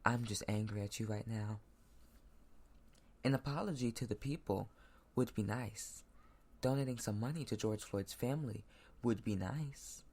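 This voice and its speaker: A man hosting a solo podcast from his laptop at home, ranting in heated bursts that sometimes jump loud. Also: on the low side, moderate pace, long pauses. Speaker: podcast host.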